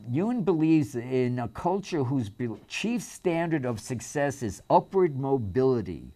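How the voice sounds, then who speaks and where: A man's voice: on the high side, expressive, a little slow, warm tone. A man reading a text aloud as host, breaking off often with fillers, restarts and his own remarks. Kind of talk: casual spoken commentary on a reading.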